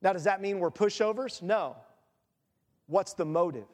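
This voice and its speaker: A man preaching a sermon as pastor, animated and joking, acting out voices of the people in his stories. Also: high voice, moderate pace. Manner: animated, jokey, acts out quoted voices. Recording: long hall reverb.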